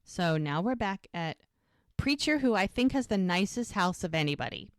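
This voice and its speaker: A woman's voice: medium pitch, normal speed, no echo, clean studio sound. A woman co-hosting a podcast, chatting casually as she recaps a TV episode scene by scene and acts out the characters' lines. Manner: animated retelling with acted character quotes. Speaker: podcast co-host.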